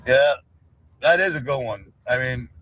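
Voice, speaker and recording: A man's voice: medium pitch, measured pace, a bit bright, dry recording, rough recording. A man talking as a guest on a livestream in casual chat, rambling and repeating himself. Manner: rambling, repeats "you know what I mean".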